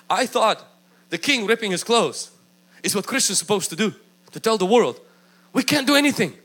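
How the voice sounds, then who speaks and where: A man's voice: sits high, moderate pace, a bit bright. A man preaching a sermon with emphatic delivery, acting out the voices he quotes. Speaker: pastor.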